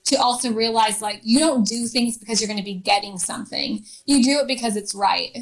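A woman's voice: a little high, a little fast, a loud crowd, poor audio. A woman in her thirties telling a personal story in a casual chat, laughing often and using many fillers. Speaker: guest.

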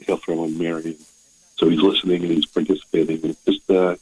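An older man calling in to a radio show, sharing an earnest, emotional testimony with halting restarts. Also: deep voice, flat delivery, a little mellow, slightly rough, rough recording. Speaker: caller. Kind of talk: call-in testimony.

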